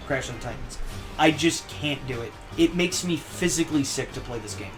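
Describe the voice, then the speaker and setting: A man's voice: medium pitch, lively intonation, a little fast, music in the background. A young man chatting casually as a guest on a gaming podcast, stating his opinions in a matter-of-fact way.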